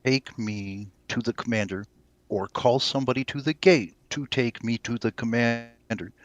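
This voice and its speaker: A man's voice: mid-range voice, moderate pace, no room sound, lo-fi sound, natural voice. A man voicing an angry, profane army captain who barks orders and swears. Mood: bullying. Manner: yelling, swearing, barking orders.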